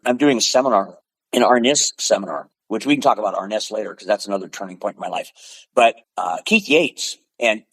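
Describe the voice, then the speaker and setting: An older man in his seventies spins animated anecdotes as a podcast guest, throwing in bursts of sound effects. He is from the Pacific Northwest, and his voice sits at a middle pitch. The sound is dry and close. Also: no room sound, low-quality recording. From Pacific Northwest, USA. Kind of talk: storytelling in conversation.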